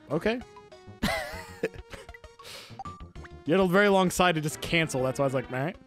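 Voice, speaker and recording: A man's voice: fairly high pitch, soft background music. A man co-hosting a video game playthrough, teasing his partner and laughing often in casual banter. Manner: animated, teasing, quick to laugh. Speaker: co-host playing a video game.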